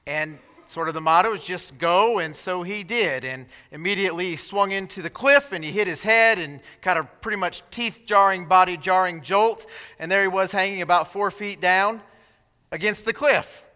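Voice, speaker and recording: A man delivers a sermon in a church sanctuary and tells the story with animation, slipping into the voices of its characters. His voice sits high and rings bright. The sound carries a long reverb from the hall. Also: normal speed, clean tone. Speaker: pastor.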